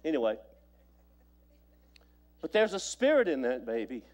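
A man's voice: medium pitch, sing-song, measured pace. A man preaching a sermon as pastor, telling stories with repeated phrases and stammered restarts.

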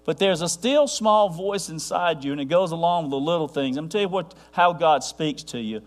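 A man preaching a sermon to a congregation, rambling with restarts and dropping to a near hush for his quiet points. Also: fairly high pitch, moderate pace, hardly any pauses, a little hiss or hum. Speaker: pastor.

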